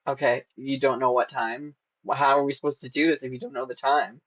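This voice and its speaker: A man's voice: mid-range voice, level tone, a little fast, a bit bright, dry recording. A man chatting on a live stream, playful and teasing, prone to giggles. His voice sits in a middle range, and the recording has a slightly dull, lo-fi quality. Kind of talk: casual live-stream chat.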